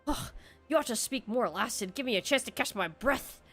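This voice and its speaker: A woman voicing a gruff male guildmaster as she reads game dialogue aloud on a stream, pushing her voice down to sound rougher. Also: a little high, lively intonation, moderate pace, fairly bright tone. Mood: instructive. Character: gruff male guildmaster, brusque then welcoming.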